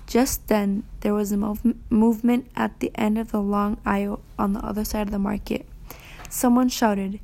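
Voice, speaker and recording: A woman reading a novel aloud in a soft, half-whispered way, with her own commentary. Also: mid-range voice, little pitch movement, moderate pace, creaky. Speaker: student reader.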